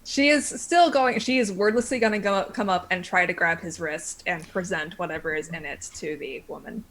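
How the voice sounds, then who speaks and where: A woman's voice: fairly low pitch, moderate pace, fairly bright tone, a little hiss or hum. A woman playing a tabletop game, describing her character's actions in a playful, wry way and laughing easily. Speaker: player.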